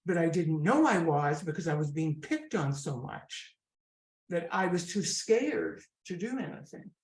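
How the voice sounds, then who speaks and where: A woman in her sixties with a Scottish accent, telling her story with lively asides in an interview. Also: low voice, measured pace. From Scotland. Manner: chatty, animated storyteller with asides. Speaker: guest comedian. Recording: echoey room.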